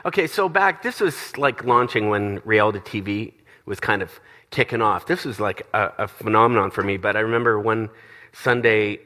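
A bright, forceful male voice tells a story from the pulpit with lively swings into high pitch. His words ring out with the long reverb of a large church hall. He sounds like a pastor preaching a sermon. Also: moderate pace. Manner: animated, expressive storyteller with sudden jumps up in pitch.

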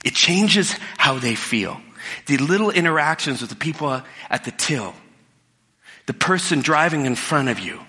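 A man's voice: a little high, animated, moderate pace, bright, forceful tone. A middle-aged man preaching a sermon in a casual storytelling way, often restarting his sentences, recorded in a church hall. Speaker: pastor. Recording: long hall reverb.

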